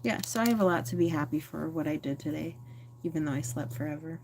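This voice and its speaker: A woman's voice: low-pitched, fast talker, darkish tone, a little hiss or hum. A woman chatting candidly and rambling on a phone livestream, answering viewer comments. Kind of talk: casual live-stream chat.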